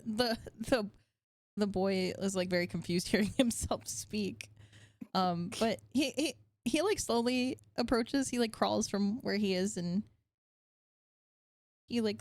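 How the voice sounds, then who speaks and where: A young woman narrating as game master, telling the story gently with frequent fillers. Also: medium pitch, measured pace, no room sound.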